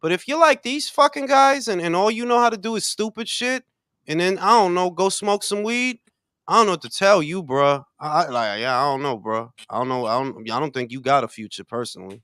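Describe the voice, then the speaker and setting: An older man hosting a casual boxing talk show, profane and loud, swinging between shouting and muttering. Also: high voice, brisk, no room sound, clean studio sound. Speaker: boxing podcast host. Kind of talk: casual chat.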